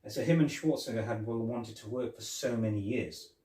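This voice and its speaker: A man's voice: mid-range voice, dark tone, far from the mic. A man co-hosting a casual film review podcast, rambling and restarting his sentences often. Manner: rambling, halting, many restarts and fillers. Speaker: podcast co-host. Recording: echoey room, voice off-mic.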